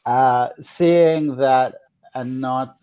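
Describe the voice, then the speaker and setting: A man's voice: mid-range voice, fairly even intonation, drawn-out words, warm tone, clear, resonant tone. A man hosting a casual spiritual chat, talking in a reflective, earnest way with many restarts. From outside the United States. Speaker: host.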